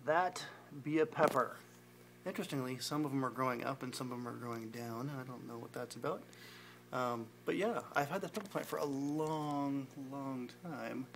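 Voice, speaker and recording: A man with a gravelly, mid-range, fairly bright voice gives a rambling, casual tour of his indoor garage garden, recorded on a phone camera he holds while walking. There's a little hiss or hum, and he fills his talk with self-deprecating asides and lots of fillers.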